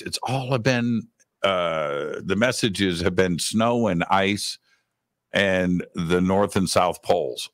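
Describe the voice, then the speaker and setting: Animated rambling male co-host, low voice. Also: no echo, studio quality. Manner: rambling, animated, lots of fillers. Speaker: radio host, co-host. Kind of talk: casual live-stream talk show.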